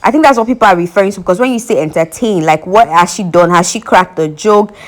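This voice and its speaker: A woman's voice: medium pitch, fast talker. Chatty Nigerian woman gossiping on reality TV. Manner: chatty, opinionated, reads out fan comments. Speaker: entertainment vlogger. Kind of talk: casual reality-show gossip commentary.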